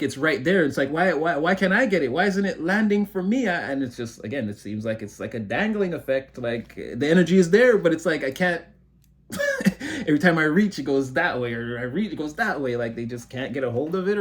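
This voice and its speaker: A giggly, excitable man gives a casual tarot reading with a fairly high voice. He rambles on fast, keeps breaking into laughter, and calls himself a motor mouth. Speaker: tarot reader.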